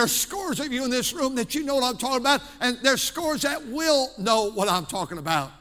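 A male pastor preaching in a church with a very high, bright, forceful voice. He swings from hushed pleading to shouting. The sound carries a long hall reverb. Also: expressive, fairly quick, few pauses. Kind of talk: sermon. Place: church sanctuary.

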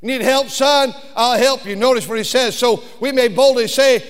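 A man with a very high voice preaches to his congregation, swinging between loud, fervent repetition and hushed near-whispers. He breaks into snatches of hymn singing mid-sermon. The sound rings with the long reverb of a church sanctuary. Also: moderate pace, few pauses. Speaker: pastor.

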